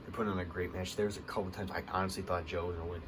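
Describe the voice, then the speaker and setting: A man hosting a wrestling vlog, recapping a show in a casual, rambling way with lots of fillers, getting excited at the big moments. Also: deep voice, very fast, background noise. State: hiccups.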